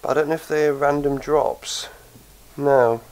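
A gaming channel host with a cold and a blocked nose sounds tired as he plays, his slightly high voice steady, unhurried, and darkish. He chats casually and thinks aloud with plenty of ums, and the audio is poor.

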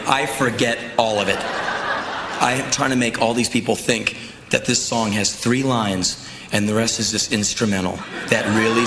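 A man performing live spoken word, telling stories in an intense, animated, profane way. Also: medium pitch. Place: stage in a large venue. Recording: echoey live venue with crowd noise.

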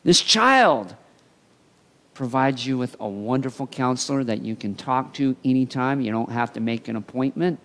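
A male pastor preaching a sermon in an animated storytelling way. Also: mid-range voice, brisk, hardly any pauses. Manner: animated storytelling, acting out voices.

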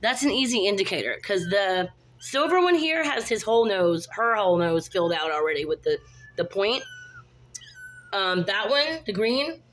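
A cat breeder holds up her kittens one after another, cooing baby talk and chatting casually for a phone-filmed vlog. Her voice is medium-pitched, very animated and a bit bright, at a normal speed.

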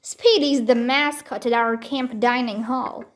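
A firm, caring wildlife ranger who explains the dangers plainly, as a woman reads her. Her voice is high and unhurried. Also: steady tone, natural voice.

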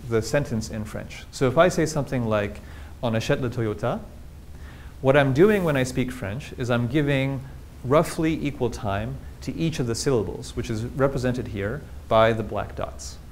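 A man of middling pitch gives a public talk on language, walking listeners through his slides and asking them questions as he goes. His delivery is engaged and explanatory. A faint low rumble sits behind the recording. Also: moderate pace. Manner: explanatory, engaged, asks the audience rhetorical questions. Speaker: linguistics lecturer.

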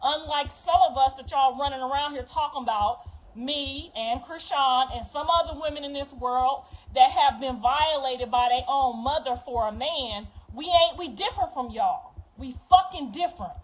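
A middle-aged woman, talking straight to viewers in a raw, profane, confessional monologue that swings from quiet to loud. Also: high-pitched, moderate pace, low-quality recording. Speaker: mother speaking out.

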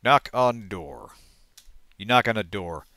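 A man hosting a let's play, reading game text aloud and thinking out loud, often trailing off and correcting himself. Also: on the low side, lively intonation, slow pace.

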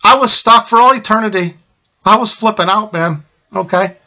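A man's voice: high-pitched, normal speed, bright, forceful tone, low-quality recording. A middle-aged man telling an emphatic personal testimony, often repeating "okay?" and addressing listeners as his friends. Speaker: testimony speaker.

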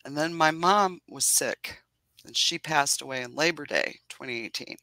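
Earnest, chatty woman beekeeper, bright voice. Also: low-pitched, normal speed, dry recording, low-quality recording. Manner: earnest, chatty, laughs often. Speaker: beekeeper guest. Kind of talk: casual video-call interview.

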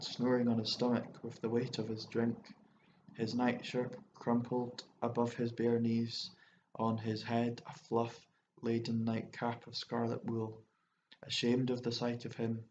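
A man narrating a first-person short story in a measured, even way. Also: medium pitch, slight background noise. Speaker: audiobook narrator. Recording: muffled audiobook recording.

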